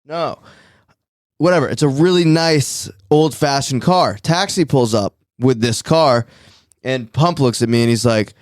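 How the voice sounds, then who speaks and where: A man's voice: mid-range voice, a little slow, no echo, clean studio sound. Profane storytelling podcast host man. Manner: rambling, profane storytelling with frequent laughs. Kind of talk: casual podcast chat.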